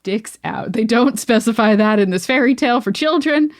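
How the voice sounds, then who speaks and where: A woman's voice: fairly high pitch, moderate pace, no echo. A woman podcast host retelling a folktale in playful, joking casual chat.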